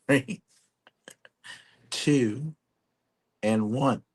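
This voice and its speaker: A man hosting a live online sale, joking and describing items deliberately. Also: mid-range voice, husky. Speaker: auction host.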